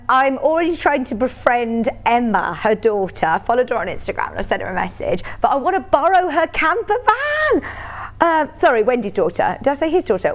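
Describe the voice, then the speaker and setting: Selling fabric in a live TV pitch, this British shopping channel presenter has a fairly high voice. She's bubbly and chatty and laughs a lot.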